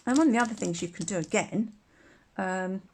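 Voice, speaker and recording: A woman's voice: mid-range voice, a little fast, a little mellow, a little hiss or hum. A woman teaching a casual live craft demonstration, chatty and rambling, laughing often. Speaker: craft tutor.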